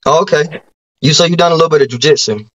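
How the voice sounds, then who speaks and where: ビデオ通話で自慢話をするアメリカ人男性. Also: male voice, a little high, very fast, fairly bright tone, lo-fi sound. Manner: boastful, rhyming brags, stammering restarts. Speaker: YouTuber challenging a streamer. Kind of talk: trash-talking video call.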